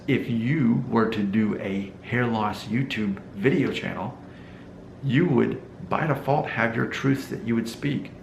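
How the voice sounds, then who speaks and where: A man's voice: lowish voice, creaky, roomy sound, slight background noise, rough recording. A man from Alabama with a mild Southern accent, talking casually to camera in a rambling vlog and asking his viewers rhetorical questions. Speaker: hair loss YouTuber.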